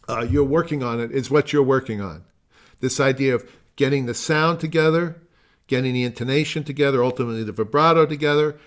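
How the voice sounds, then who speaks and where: A man teaching a music masterclass over a video call, explaining at length, trailing off into asides and singing phrases to demonstrate them. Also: mid-range voice. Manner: explanatory, digressive, sings phrases.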